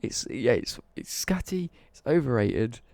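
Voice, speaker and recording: A man's voice: mid-range voice, very animated, unhurried, creaky, darkish tone, no echo. A young British man ranting on a casual live stream, sweary and worked up.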